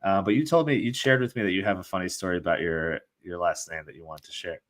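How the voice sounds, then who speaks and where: A man's voice: low-pitched, fast talker, fairly bright tone. A man hosting a podcast who chats in a casual, friendly way as he wraps up an interview. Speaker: podcast host.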